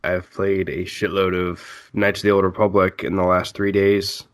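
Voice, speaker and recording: A young man with a low voice co-hosts a podcast, talking haltingly with lots of fillers and restarts. He sounds a little sick. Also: little pitch movement. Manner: halting, hesitant, many fillers. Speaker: podcast co-host. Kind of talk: casual chat.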